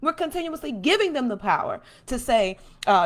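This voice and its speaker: Woman host, preachy and emphatic monologue, slightly high voice. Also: moderate pace, hardly any pauses. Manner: blunt, emphatic, preachy, profane; builds from calm to loud and emphatic. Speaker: podcast host. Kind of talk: impassioned monologue.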